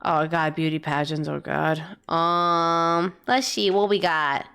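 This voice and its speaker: Smooth-voiced woman streamer chatting. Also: deep voice, slow pace. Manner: rambling, swears casually, excitable bursts. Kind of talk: casual reaction-stream chat.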